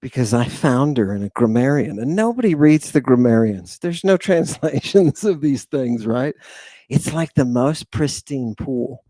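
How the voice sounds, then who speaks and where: A man hosting a lecture in a dramatic, rambling style, calling out "people" again and again. He talks slowly and draws out his points. The sound is close and dry, with no room echo. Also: mid-range voice, expressive, dark tone. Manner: dramatic, rambling, keeps addressing the audience as "people". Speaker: lecture host. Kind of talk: theatrical livestream lecture.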